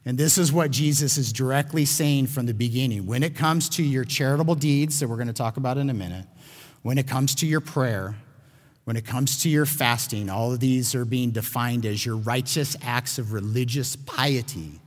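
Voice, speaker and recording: Male pastor, mid-pitched, earnest sermon delivery, long hall reverb. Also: normal speed. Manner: earnest, emphatic, with repeated restarts. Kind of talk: sermon teaching.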